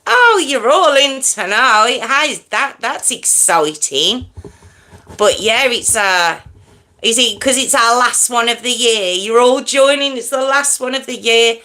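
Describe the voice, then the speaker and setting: A chatty woman hosting a casual true crime livestream, talking straight to her viewers. Her voice is bright and sits a little high, and her chest sounds a touch wheezy. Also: lively intonation, slow. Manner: chatty, greets viewers by name, self-described loud and hyped.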